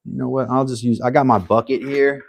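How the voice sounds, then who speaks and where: A man hosting a casual live stream, thinking aloud while he works, humble and a little halting, with frequent restarts. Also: medium pitch, fairly even intonation, gravelly, dry recording.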